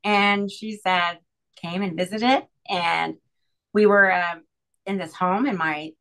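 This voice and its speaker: Earnest, halting middle-aged woman. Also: on the low side, steady tone, gravelly, a bit bright, rough recording. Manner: earnest, halting, full of "you know" and restarts. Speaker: guest. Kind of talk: emotional personal storytelling.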